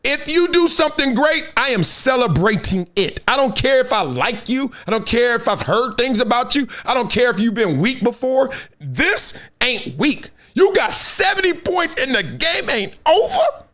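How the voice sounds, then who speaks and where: A man's voice: extremely high pitch, very animated, moderate pace, pushed and bright. A middle-aged man hosting a live sports talk stream, emphatic and speaking straight to his viewers, acting out other people's lines as he goes. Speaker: host. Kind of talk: animated live sports commentary.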